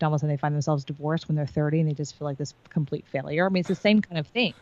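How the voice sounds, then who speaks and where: A woman's voice: low voice, quick pace, no echo, muffled recording. A woman sales and marketing coach telling her story in an interview, bubbly and emphatic, acting out what others said.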